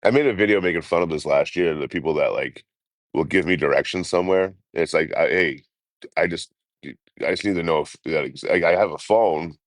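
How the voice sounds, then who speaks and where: A man's voice: sits low, a little fast, dry recording. A man, chatting casually and profanely on a travel live stream, laughing often. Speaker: travel vlogger.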